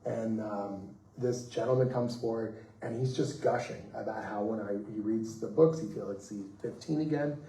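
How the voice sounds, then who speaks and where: A comics writer on a festival panel tells anecdotes animatedly, acting out quoted voices and laughing mid-story. His fairly low voice runs at a moderate pace with hardly any pauses, captured off-mic from a distance in a roomy, echoing panel room.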